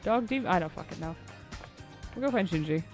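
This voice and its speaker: A woman's voice: fairly low pitch, animated, brisk, darkish tone, faint music behind. A woman streaming a video game, chatting casually and wryly as she plays and reads aloud. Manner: chatty, wry, swears casually. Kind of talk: casual gameplay commentary.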